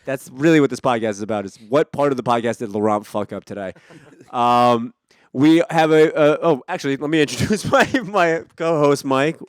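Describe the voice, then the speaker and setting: A man's voice: medium pitch, moderate pace, clean tone, no room sound. A man hosting a casual podcast, laughing often, swearing and poking fun at himself. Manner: laughing, swearing, self-mocking. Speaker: podcast host.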